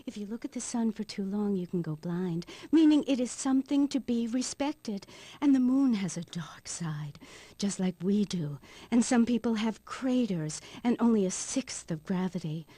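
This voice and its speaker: An actress playing a rambling new-age woman who calls herself a white witch, on a game's radio talk show, drifting into hushed whispers. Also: mid-range voice, animated, normal speed, dry recording, lightly acted. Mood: dreamy. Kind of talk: video game radio comedy acting.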